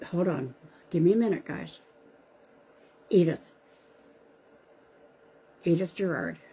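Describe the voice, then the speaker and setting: A Canadian psychic medium gives card readings on a live stream, chatty and calling viewers out by name. Her voice is on the low side, animated, mellow and slightly rough, and she takes it slowly. The recording is rough, captured on a live-stream device mic.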